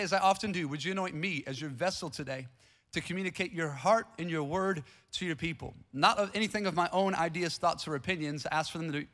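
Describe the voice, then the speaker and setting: A man in his thirties preaching a sermon in a church, with lively call-and-response asides to the congregation. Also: high-pitched. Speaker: pastor. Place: church sanctuary.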